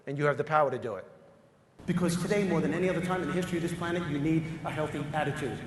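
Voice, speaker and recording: Brief: New comic-turned-motivational speaker, high, punchy, hammering points home, reverberant hall with faint room noise. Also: male voice. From New York. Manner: emphatic, repetitive, punchy. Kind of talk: comedic keynote speech. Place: large hall with a live audience.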